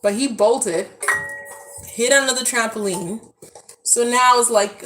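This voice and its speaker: A vlogger in her thirties, with a fairly high and slightly bright voice, talks slowly on a casual home live stream outdoors by the backyard pool. She's chatty with viewers and breaks off to scold her kids. A little hiss or hum is audible.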